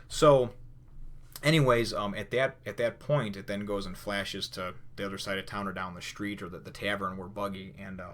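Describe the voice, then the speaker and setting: A man's voice: low voice, fairly bright tone, a little hiss or hum. A man casually recapping a comic chapter and commenting on it, rambling with frequent fillers and restarts, and sometimes acting out characters' lines. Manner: rambling, lots of "you know" and restarts; loosely acts out characters' lines. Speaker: manga reviewer.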